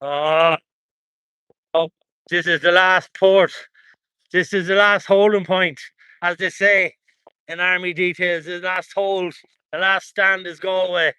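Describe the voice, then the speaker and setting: A man's voice: sits high, little pitch movement, slow pace, long pauses, sharp tone, clear, resonant tone, no room sound. An Irish man chatting casually on a livestream from an outdoor protest, reading out viewer comments, rambling and chuckling often.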